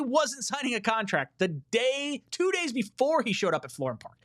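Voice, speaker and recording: A man hosting a casual sports call-in show, excitable and quick to swear while he reads viewer messages. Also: extremely high pitch. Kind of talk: casual livestream sports talk.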